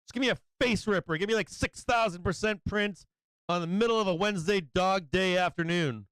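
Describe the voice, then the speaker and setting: A man hosting a live stock market stream, calling prices in an excitable, hyped way and chuckling often. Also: high voice, a little fast, clean tone, dry recording, low-quality recording. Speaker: stock market livestream host. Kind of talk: live trading commentary.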